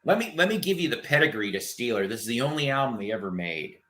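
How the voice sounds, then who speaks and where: A man's voice: medium pitch, big pitch swings, quick pace, a bit bright. A man hosting a casual chat show, rambling enthusiastically about old records and bands and swearing now and then. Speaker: host.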